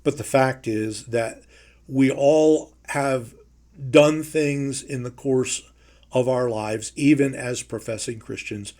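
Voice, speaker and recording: A man teaching a Bible lesson in a measured, emphatic way, slowing down to stress key phrases. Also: mid-range voice, steady tone, darkish tone. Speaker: preacher.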